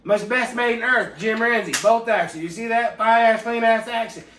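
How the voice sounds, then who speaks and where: A man telling a rambling, profane comedic story in a deadpan way, full of tangents. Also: very high-pitched, moderate pace, slight background noise. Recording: echoey room, distant from mic.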